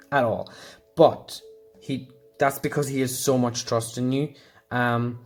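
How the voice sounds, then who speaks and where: A man giving a casual tarot reading, thinking aloud and meandering with frequent pauses. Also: mid-range voice, fairly bright tone. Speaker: tarot card reader.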